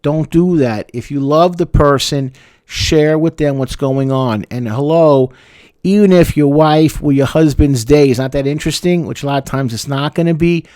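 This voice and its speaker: A man's voice: a little high, normal speed, a little mellow, clear, resonant tone, no echo. A male therapist giving frank, sarcastic relationship advice and repeating words for emphasis. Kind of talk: advice talk to camera.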